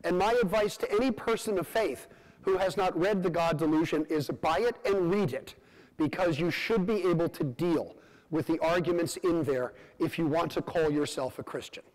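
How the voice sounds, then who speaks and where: A scientist gives a public plenary lecture at a podium microphone, his high-pitched, darkish voice moving phrase by phrase with deliberate rhetorical pauses. A large lecture hall wraps his words in long reverb.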